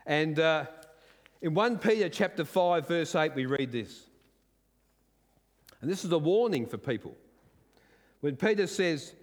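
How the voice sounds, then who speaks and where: An older man preaching a sermon as pastor, earnest and building to forceful emphasis. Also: fairly high pitch, expressive, a little slow, pauses often, in a large hall. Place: church.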